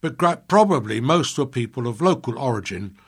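Man reading local history, husky tone. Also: mid-range voice. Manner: measured, steady reading with small slips. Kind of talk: reading a prepared history piece.

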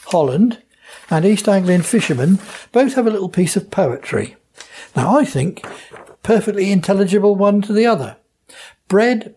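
With a high, dark voice and a breathy edge, a Norfolk-accented dialect society member from Norfolk, England, eagerly explains dialect terms in an interview. His answers are explanatory and he has fun with how the words are pronounced.

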